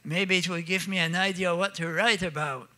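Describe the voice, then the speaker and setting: A man's voice: high-pitched, fairly even intonation, normal speed, sharp tone. An older man with an Acadian French accent telling folksy comic stories on stage, laughing at his own punchlines. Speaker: storyteller.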